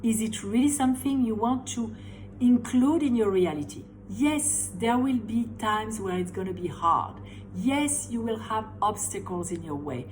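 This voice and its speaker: A woman's voice: a little high, a little slow, a little hiss or hum, rough recording. Emphatic woman with a French accent. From France. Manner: emphatic, repeating phrases and stressing key words. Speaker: life coach and tapping practitioner. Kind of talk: motivational video talk.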